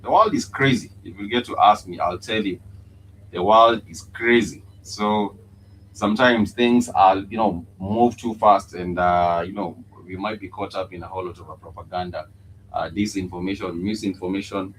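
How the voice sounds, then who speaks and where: A man teaching a live-streamed language lesson, pausing often with "uh" and repeating each word slowly for learners. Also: deep voice, a bit bright, low-quality recording. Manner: halting, many "uh" fillers, repeats words slowly for learners. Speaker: Swahili teacher. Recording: faint background noise.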